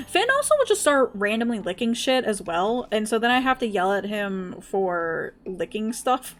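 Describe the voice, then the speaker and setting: A woman's voice: mid-range voice, very animated, normal speed, hardly any pauses, soft background music. A woman streaming a game live, chatting casually, laughing often and cooing at her dog. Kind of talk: casual livestream chat.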